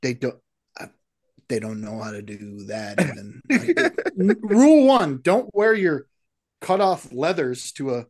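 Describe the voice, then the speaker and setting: A man's voice: mid-range voice, very animated, measured pace, darkish tone. A man co-hosting a podcast, trading jokes in casual banter about a film. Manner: joking banter. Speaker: podcast co-host. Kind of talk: casual film-review chat.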